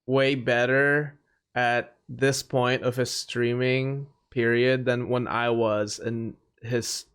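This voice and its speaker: A man chatting casually as a streamer guest, relaxed and full of filler words. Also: mid-range voice, slow, clear, resonant tone. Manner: relaxed, lots of "like" fillers, swears. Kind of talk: casual chat.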